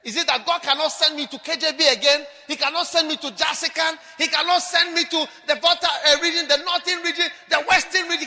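Animated preacher, bright voice. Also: male voice, extremely high pitch, quick pace, few pauses, long reverb tail. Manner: animated, mocking, humorous, mimics people. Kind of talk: sermon.

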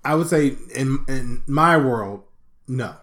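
A man's voice: medium pitch, lively intonation, slow, a bit bright. Laid-back man riffing on a podcast. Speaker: podcast co-host. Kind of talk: casual chat.

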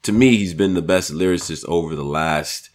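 A man co-hosting a casual chat show, animated and slangy, with lots of stammered restarts. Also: low voice, normal speed, slight background noise. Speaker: podcast co-host. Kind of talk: casual chat about battle rap.

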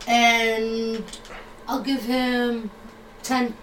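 A woman playing a tabletop game, talking in a hesitant, halting way as she describes her actions. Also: on the high side, level tone, fairly bright tone, recorded from a distance, slight background noise. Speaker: player. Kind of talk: casual tabletop play. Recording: echoey room away from the mic.

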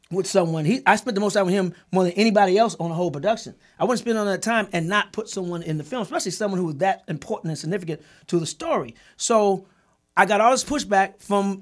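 A high-voiced man who created and executive-produced a documentary tells a heated story during a group conversation. He speaks emphatically, repeats and restarts words, and swears freely.

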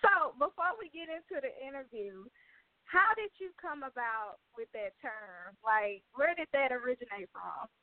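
Female radio host, bright upbeat delivery, higher voice, dry phone-quality sound. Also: lively intonation, measured pace, a little hiss or hum. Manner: upbeat, filler-heavy. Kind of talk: online radio interview. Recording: dry tinny phone-like audio.

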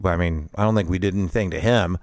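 A man's voice: deep voice, fast, a little mellow, no echo, clean studio sound. Self-deprecating middle-aged male storyteller. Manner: conversational, self-deprecating, laughs often. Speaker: podcast host. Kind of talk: personal storytelling monologue.

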